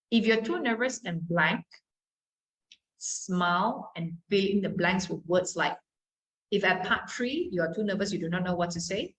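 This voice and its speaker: A woman's voice: fairly low pitch, normal speed, fairly bright tone, rough recording. A young Malaysian woman with a Malaysian English accent, teaching an exam-prep class, modelling pronunciation and dropping into Mandarin to explain.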